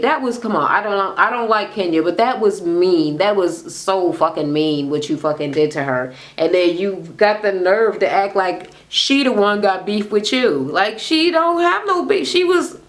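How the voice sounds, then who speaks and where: A woman ranting casually about a reality show, sassy and swearing freely, acting out what people said. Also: medium pitch. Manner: animated, sassy, swears freely, acts out quotes. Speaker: reality TV recap vlogger. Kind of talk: casual profane recap rant.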